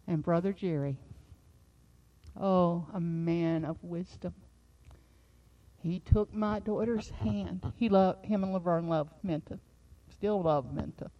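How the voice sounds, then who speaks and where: A middle-aged woman preaching a sermon, moving from a quiet personal story into fervent, rising exhortation. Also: on the low side, slow pace, pauses often. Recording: slightly dull lo-fi sound.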